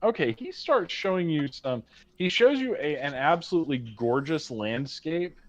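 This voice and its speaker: Playful gm guy narrating the game, kinda high voice that moves a lot. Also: lively intonation, moderate pace, highs cut off. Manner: playful, laughing, explanatory. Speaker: game master. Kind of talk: narrating a tabletop role-playing game.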